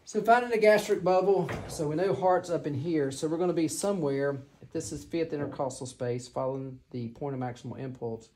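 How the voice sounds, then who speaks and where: A woman's voice: rumbling low, steady tone, a little fast, hardly any pauses, warm tone. A woman, teaching a physical exam to a class and checking in with her students as she demonstrates. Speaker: clinical instructor.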